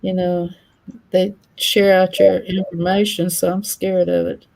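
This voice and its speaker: A woman in a casual chat, chiming in with quick reactions and comments. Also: on the low side, flat delivery, vocal fry, a little mellow, dry recording, low-quality recording. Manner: chatty, chimes in with quick reactions.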